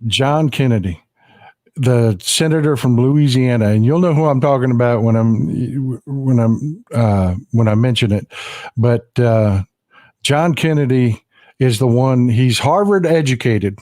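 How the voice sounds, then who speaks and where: A man's voice: medium pitch, a little slow, darkish tone, no echo. A man hosts a casual political chat with a folksy, blunt delivery. His voice sounds dry, with no room around it. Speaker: host.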